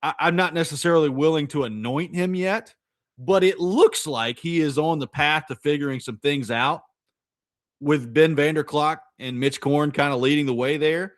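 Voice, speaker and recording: Thinking on his feet, this co-host on a sports talk radio show makes argumentative points in loose chat, restarting sentences again and again and saying "you know" often. He sounds a little high and talks at normal speed, in studio quality with no room sound.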